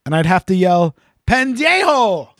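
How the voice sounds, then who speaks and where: A man with a somewhat high voice hosts a podcast in casual chat, reading out listener messages. His delivery rambles and teases, full of ums and restarts. The sound is dry and close, with little room around it. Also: expressive, normal speed, no echo. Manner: teasing, rambling with many fillers. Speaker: podcast co-host.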